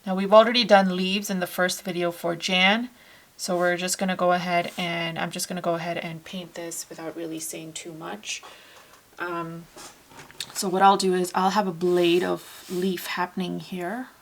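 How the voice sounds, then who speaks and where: Low, gravelly-voiced woman teaching painting. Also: normal speed, poor audio. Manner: talks softly while painting, dropping to near-whispers; chatty and relaxed, with fillers and self-corrections. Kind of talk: casual painting tutorial.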